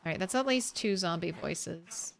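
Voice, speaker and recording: A woman's voice: on the low side, moderate pace, creaky. A woman streamer chatting casually while she plays, thinking aloud and laughing easily. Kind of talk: casual gameplay commentary.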